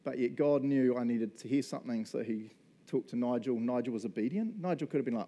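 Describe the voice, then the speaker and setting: A man preaches as pastor in a church service, keeping the sermon casual and chatty with frequent laughter and quick side remarks. He speaks at a medium pitch in a mellow voice.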